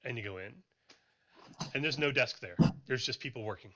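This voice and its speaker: A man's voice: mid-range voice, a little fast, pushed and bright. A man narrating as game master of a tabletop game, rambling and correcting himself as he goes.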